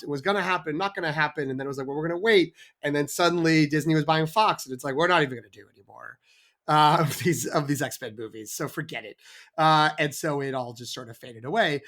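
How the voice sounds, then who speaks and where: A man with a fairly high voice co-hosts a casual film review podcast. He thinks out loud, circling back and restarting his sentences as he goes. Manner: rambling, halting, many restarts and asides.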